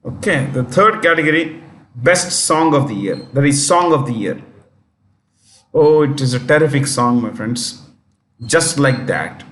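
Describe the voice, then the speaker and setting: A man's voice: medium pitch, unhurried, fairly bright tone, echoey room, slight background noise. A man with an Indian English accent teaching a current affairs lesson to test-prep students. He is chatty, repeats his points and corrects himself aloud. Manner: speaks directly to students.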